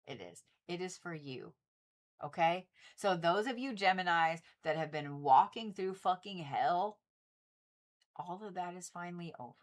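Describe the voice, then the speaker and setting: A woman hosting a livestream, chatting casually and repetitively with viewers and swearing freely. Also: low voice. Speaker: livestream host reading zodiac forecasts.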